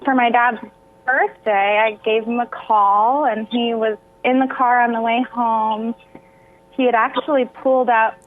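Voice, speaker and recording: A woman guest on a radio interview, telling a personal story with emotion that sometimes breaks into tears. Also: a little high. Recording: tinny phone line.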